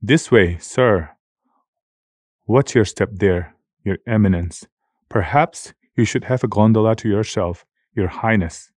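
A man's voice: fairly low pitch, measured pace, a little mellow, no room sound, clean studio sound. A man voicing fawning city officials who welcome guests with exaggerated courtesy in a storybook reading. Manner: fawning, announcing. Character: obsequious male city officials greeting guests.

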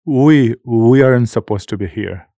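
A man's voice: mid-range voice, measured pace, warm tone, dry recording. A man voicing a frightened young boy who whispers anxiously while hiding, in a storybook reading.

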